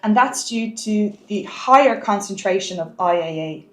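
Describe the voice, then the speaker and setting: A woman's voice: mid-range voice, expressive, moderate pace. Emphatic woman teaching biology, echoey room. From Ireland. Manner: emphatic, repeats key words for exam marks. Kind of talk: exam-focused lesson.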